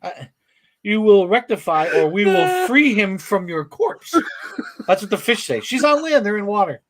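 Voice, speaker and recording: A man's voice: high-pitched, very animated, moderate pace, a bit bright. A man co-hosting a casual live-stream chat, animatedly retelling a comic plot and acting out the quoted lines. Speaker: comic book show co-host.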